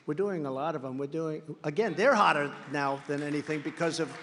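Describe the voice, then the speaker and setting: Older American man at a rally, booming into a big echoing hall. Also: brisk, a little hiss or hum. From United States. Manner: rambling, boastful, bursts of shouting. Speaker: political candidate. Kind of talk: campaign rally speech. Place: large rally venue. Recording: reverberant hall with a long echo.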